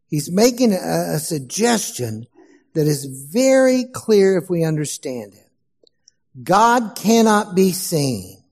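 A man preaching a sermon as pastor, slow and emphatic, asking the congregation questions. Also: on the high side, darkish tone, big-room sound.

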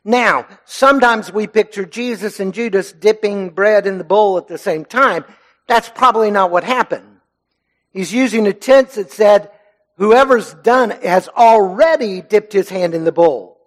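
Earnest high-voiced preacher. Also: male voice, measured pace. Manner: earnest, emphatic, lets phrase ends drop low and soft. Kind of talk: sermon. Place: church sanctuary.

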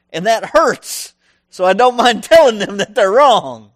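A middle-aged man preaching a sermon in a conversational, animated way, often asking his listeners questions. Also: high voice, no room sound, clean studio sound.

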